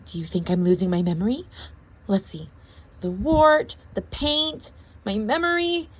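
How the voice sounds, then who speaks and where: A woman voicing a fretful, dramatic hypochondriac creature who panics over every little thing, with shrill exaggerated alarm. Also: unhurried, lightly acted. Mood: panicky.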